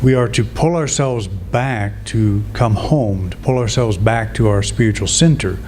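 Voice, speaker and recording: A man preaching a sermon in a calm, reflective way, thinking aloud and restarting his phrases. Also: fairly low pitch, a little slow, slight background noise. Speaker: minister.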